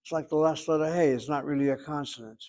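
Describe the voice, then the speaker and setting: A man's voice: fairly high pitch, fast talker, mellow. A man teaching a Hebrew grammar class, explaining at length with wry asides and calling on students by name. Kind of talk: online class lecture.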